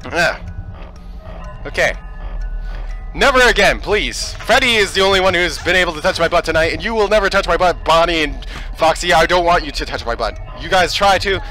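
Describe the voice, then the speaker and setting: A man giving let's play commentary, excitable and swearing as he yells at the game. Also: on the high side, brisk, faint music behind, poor audio.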